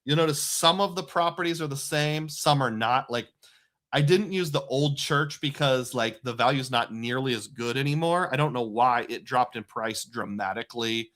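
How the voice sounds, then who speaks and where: A man's voice: mid-range voice, normal speed, a bit bright. A middle-aged man hosting a casual live stream, chatting loosely and reading viewer comments aloud. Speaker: livestream host.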